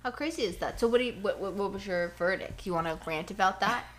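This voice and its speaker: A woman's voice: mid-range voice, fast, slight background noise. A woman co-hosting a casual podcast at home, ranting animatedly about her day and her dogs. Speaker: podcast co-host. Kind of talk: casual chat. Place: home living room.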